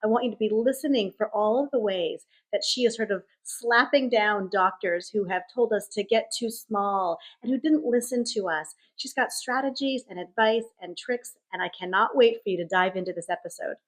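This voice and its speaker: A middle-aged woman host introducing a podcast episode, reading in a warm, enthusiastic way. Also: medium pitch, normal speed, few pauses, rough recording.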